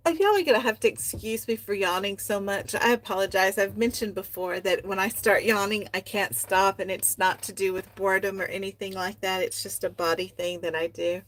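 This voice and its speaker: A woman hosting a poetry livestream, reading members' poems aloud in a soft, heartfelt way and chatting about them between readings. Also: medium pitch, a little fast, hardly any pauses. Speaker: host of a poetry society livestream.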